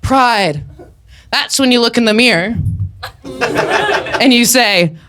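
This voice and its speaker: A woman performing a stand-up comedy set on stage before a small audience, playful and rambling, breaking into loud put-on voices. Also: fairly high pitch, expressive, slow pace, slight background noise.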